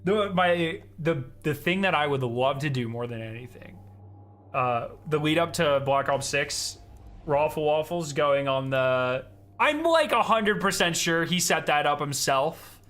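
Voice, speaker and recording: A young man chatting casually on a gaming stream, ranting and swearing with animated energy. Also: a little high, unhurried.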